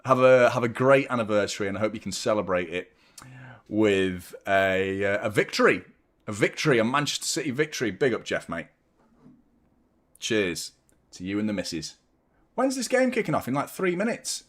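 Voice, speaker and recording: A young man hosting a football watchalong stream, chatting casually, rambling and joking while reading out viewer shout-outs. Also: lowish voice, animated, normal speed. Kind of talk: casual live-stream chat.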